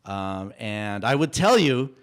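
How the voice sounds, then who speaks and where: A man of Mexican heritage, a guest on a casual podcast interview, telling stories in a halting way with many restarts. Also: lowish voice, sing-song, smooth. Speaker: guest, cultural consultant for an animated show.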